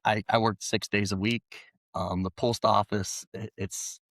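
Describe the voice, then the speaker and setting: A middle-aged man, a podcast guest, talking in a relaxed, plainspoken way with frequent ums and restarts. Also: deep voice, no room sound. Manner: animated when retelling dialogue. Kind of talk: storytelling in a conversational interview.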